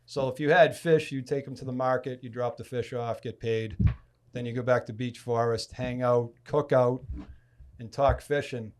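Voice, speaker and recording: This podcast guest, a middle-aged man from Massachusetts, relates a casual anecdote in a mid-range voice at a moderate pace. He performs the voices of the people he quotes with lively energy.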